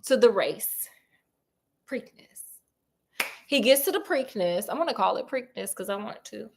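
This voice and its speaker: Chatty slangy woman retelling a story for fun, keeps going off track, voice a bit high. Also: animated, brisk, creaky, noisy background. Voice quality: chatty, slangy, self-interrupting. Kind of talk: casual comedic story retelling.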